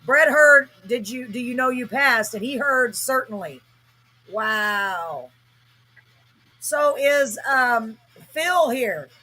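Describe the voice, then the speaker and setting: A woman hosting a live spirit-box session, speaking a little above the usual pitch with a bright, forward tone. Her voice has a slightly husky edge. She talks earnestly and with feeling as she calls out to spirits directly. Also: animated, slow, low-quality recording. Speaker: host.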